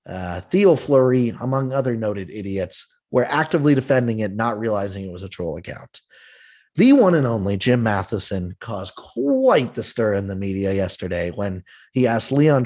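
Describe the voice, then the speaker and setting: A man hosting a casual sports podcast, ranting in an exasperated, animated way with some swearing. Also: mid-range voice. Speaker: podcast host.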